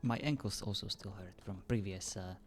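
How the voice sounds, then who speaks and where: A man role-playing a character on a live stream, speaking in a calm, measured way and chuckling often. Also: lowish voice. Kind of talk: in-character role-play chat.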